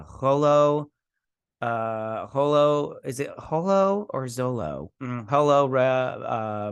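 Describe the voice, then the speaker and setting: A chatty man hosts a casual reaction commentary. He reads an article aloud and keeps breaking off into rambling asides. His voice sits at an ordinary middle pitch for a man. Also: a bit bright. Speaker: host.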